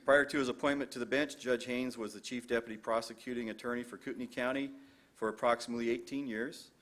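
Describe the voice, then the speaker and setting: A man's voice: medium pitch, fairly even intonation, fast, fairly bright tone. A man announcing at a graduation ceremony, reading award and speaker introductions from a script at a podium microphone, with a few stumbles. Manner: formal, read from script, some stumbles.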